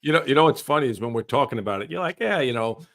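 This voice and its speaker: A man hosting a podcast talks loosely with his guest. His voice is gravelly and his pitch moves around a lot. Crowd noise can be heard behind him. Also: lively intonation, very fast. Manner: loose, conversational reactions. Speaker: podcast host. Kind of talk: casual chat.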